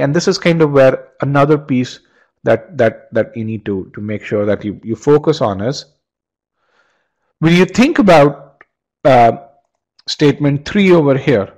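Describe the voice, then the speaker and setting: A man with a fairly high voice runs a live online test-prep class. He talks through an argument step by step, fires questions at the students, and stumbles into repeated words when he restarts a phrase. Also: poor audio. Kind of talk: live webinar teaching.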